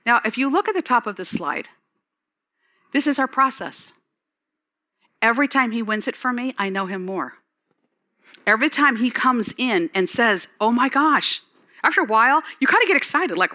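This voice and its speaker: A woman pastor giving an excited, exclamatory sermon, later leading the congregation in prayer. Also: fairly high pitch, normal speed. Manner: ends in spoken prayer.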